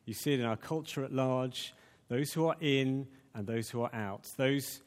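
A man's voice: medium pitch, moderate pace, smooth. Guy preaching, lots of ums and restarts, church echo. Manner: conversational, many fillers and restarts. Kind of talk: sermon.

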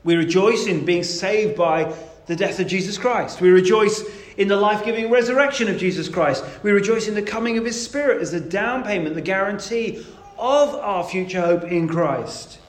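Man, preacher, slightly high voice, roomy echo, conversational sermon, punches key words. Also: moderate pace. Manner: conversational and emphatic, leaning hard on key words.

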